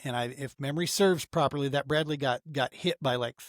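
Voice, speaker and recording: A man's voice: mid-range voice, fairly quick, no room sound, studio quality. Earnest middle-aged man telling a story. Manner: earnest and emotional, many "man" and restarts. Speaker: podcast guest, outdoor therapy founder. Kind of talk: casual storytelling in a podcast interview.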